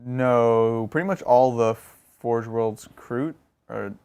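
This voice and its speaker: Guy cohosting a tabletop gaming podcast, chatty and excitable, yells and laughs when stuff gets funny, average pitch. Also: slow pace, smooth. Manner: excitable, bursts into laughing exclamations. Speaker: podcast co-host. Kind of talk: casual chat answering questions.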